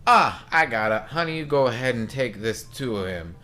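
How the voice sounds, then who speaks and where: A man's voice: medium pitch, animated, moderate pace, bright, forceful tone. A man doing a sassy barkeeper lady with a put-on Southern drawl. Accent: attempted Southern US. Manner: drawling, calls listener honey.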